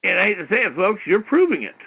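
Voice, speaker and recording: High-voiced man lecturing over lo-fi radio. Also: sing-song, quick pace, slightly rough. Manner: repetitive, peppered with "you know", swearing; heated and lecturing. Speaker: talk show host. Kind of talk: rambling call-in radio monologue. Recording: dull lo-fi internet radio stream.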